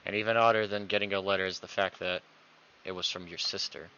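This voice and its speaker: Low voiced guy reading out a visual novel, bright edge, dull lo-fi audio. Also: fairly even intonation, fast, smooth. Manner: reads every character's lines himself, acting out stammers. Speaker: game player reading dialogue aloud. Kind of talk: voicing visual novel dialogue. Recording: dull lo-fi recording.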